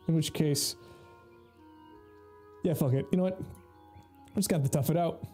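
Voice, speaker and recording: Young dude streaming a game, kinda high voice but mellow, swears a lot, soft music underneath. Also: male voice, normal speed, pauses often. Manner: laid-back, swearing, laughing often. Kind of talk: casual gameplay commentary.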